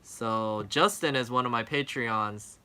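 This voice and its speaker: A man's voice: mid-range voice, a little slow, background noise. A young American man from California hosting a travel live stream, chatting casually, rambling and repeating words.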